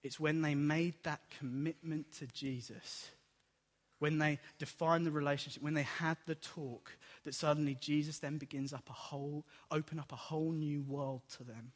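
Preacher in a reverberant hall. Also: male voice, a little high, moderate pace. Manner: animated storytelling, acts out dialogue. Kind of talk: sermon.

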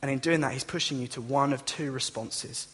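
A man's voice: medium pitch, fairly even intonation, brisk, a bit bright, husky. A man pastor preaching a sermon, speaking straight to his congregation with passion. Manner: impassioned preaching, direct address to listeners. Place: church. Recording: long reverb in a hall.

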